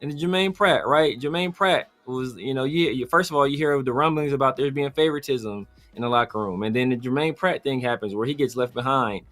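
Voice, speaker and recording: A man leading a sports talk show who tells stories with energy and slips into quick impressions of others. His voice is mid-pitched, with faint music in the background. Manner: animated storytelling, mimics others. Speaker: podcast host. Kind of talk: casual sports chat.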